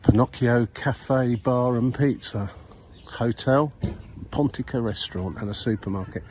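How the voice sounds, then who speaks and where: An older man narrates a walk through old streets, his voice husky from a cold. He rambles wryly with lots of uhs. Clear street noise sits behind him outdoors. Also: medium pitch, unhurried, a little mellow. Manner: rambling, wry, many ums and uhs. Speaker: vlogger. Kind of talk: walking tour commentary.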